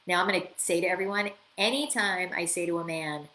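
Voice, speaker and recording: Bright-voiced chatty woman coach. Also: on the low side, fairly quick, hardly any pauses. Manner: chatty, lively, acts out client dialogue. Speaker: business coach and show host. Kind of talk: live coaching Q&A. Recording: echoey room with faint ambient noise.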